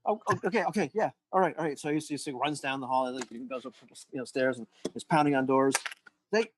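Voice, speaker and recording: A man's voice: medium pitch, a little fast, noisy background. A man running a tabletop game as game master, narrating in a rambling way with many restarts. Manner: rambling, full of restarts and "you know".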